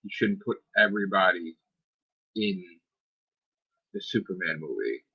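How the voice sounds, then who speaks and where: Low, gravelly and husky, this podcast host rants unhurriedly but expressively, exasperated and profane. He keeps throwing out rhetorical questions and leaning on "like." The sound, from a streaming mic, is slightly dull and lo-fi.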